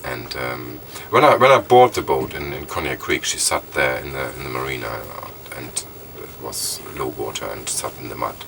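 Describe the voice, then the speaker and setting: A boat owner chats on a small sailing boat outdoors, his voice sitting very low. He talks in a halting, casual way, often repeating words as he goes. Steady outdoor noise runs clearly behind him. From Germany. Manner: halting, repeats words while telling a story. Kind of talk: casual chat.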